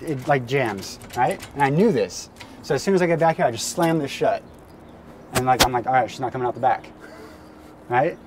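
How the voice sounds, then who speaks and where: A man, a guest storyteller, excitedly recounting events on a residential street, peppering his talk with "like" and "right". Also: fairly high pitch. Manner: excited, restless, with many likes and rights. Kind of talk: animated storytelling on location. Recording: outdoor street noise.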